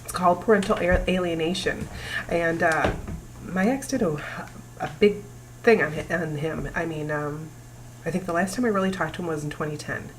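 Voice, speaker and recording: A woman in her forties talking to camera about her family's past, emotional and halting, pausing often. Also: on the low side, slight background noise, poor audio. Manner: emotional, halting, breaks down at times. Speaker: vlogger. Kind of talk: personal talk to camera.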